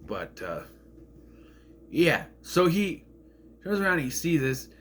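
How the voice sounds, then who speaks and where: A man rambles through a casual recap in a slightly high voice. He swings his pitch widely as he gets indignant and sarcastic about plot holes. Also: very animated, slow, a bit bright, a little hiss or hum. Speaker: show reviewer.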